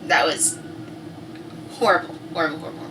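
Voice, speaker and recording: Brief: woman, 20s, vlogger, crisp bright tone, slightly distant mic with faint room hiss. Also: deep voice, fast talker. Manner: chatty, swears freely, acts out quotes loudly. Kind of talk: casual storytelling to camera.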